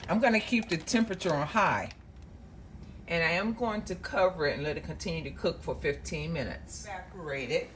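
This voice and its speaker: Woman, low voice, homey cooking-show host, chatty and warm to the camera, faint kitchen noise. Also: a little fast. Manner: homey, chatty, addresses viewers as y'all. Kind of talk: casual cooking demonstration. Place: home kitchen.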